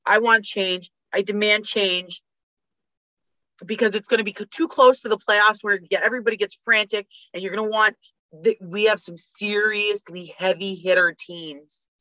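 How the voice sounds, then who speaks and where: A woman's voice: mid-range voice, fairly even intonation, moderate pace, pushed and bright, no echo. A woman talking sports as a podcast guest, ranting with energy and reeling off statistics. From Canada. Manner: fired-up ranting, rattling off stats. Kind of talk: casual sports chat. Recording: dull lo-fi dry recording.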